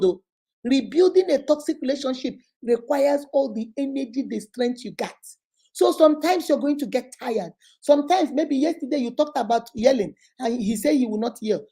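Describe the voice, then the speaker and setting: A woman's voice: on the high side, dark tone, breathy edge. A middle-aged woman with a Nigerian accent, giving earnest, emphatic relationship advice as the host of a talk video. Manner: earnest and emphatic, lapses into Igbo phrases.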